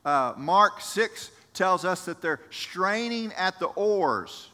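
A male pastor delivers a sermon in a bright, forceful voice. His tone rises and swells as he stresses a point, and he speaks to listeners by name. His words carry a long reverb through a large church sanctuary. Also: high voice, slow. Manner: animated storytelling, rising with emphasis, addresses congregation by name.

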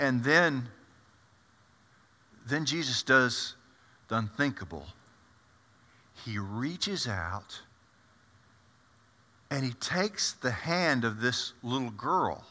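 A man's voice: a little high, pushed and bright, full character voice. A man performing a first-person monologue as the apostle Peter, a blunt and impetuous fisherman, with chatty, confiding asides to the audience. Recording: echoey hall.

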